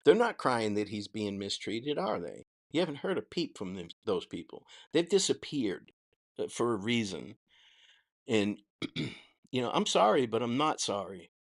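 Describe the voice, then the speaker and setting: A man's voice: medium pitch, very animated, measured pace, creaky. A man from Boston with a Boston accent, hosting a live stream and giving blunt, profane opinions while reading viewer questions. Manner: answers chat questions. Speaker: host. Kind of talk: casual live-stream commentary.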